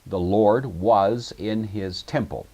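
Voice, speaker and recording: A man's voice: lowish voice, takes it slowly, warm tone. A man teaching a Greek lesson, working through each exercise step by step and thinking aloud. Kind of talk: recorded language lesson.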